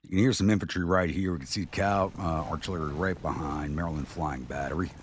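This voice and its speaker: A man hosting a strategy game playthrough, talking to his units out loud as he urges them on and thinks things through. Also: low voice, brisk, slight background noise. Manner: talks to his units aloud, urging and musing. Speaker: gaming channel host.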